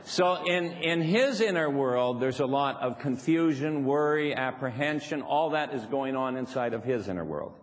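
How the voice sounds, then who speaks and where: A man leads a live motivational seminar, teasing the audience and chuckling as he explains his point. His medium-pitched voice is animated, at normal speed with hardly any pauses, in an echoey hall with faint background noise.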